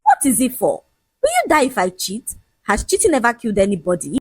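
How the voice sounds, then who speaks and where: A scornful young man who brushes off his fiancée and lectures her in a quick, mocking rush, voiced by a woman. The voice sits high and husky. It is recorded close and dry. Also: huge pitch swings, dry recording, heavily acted. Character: arrogant cheating young man, dismissive and shameless.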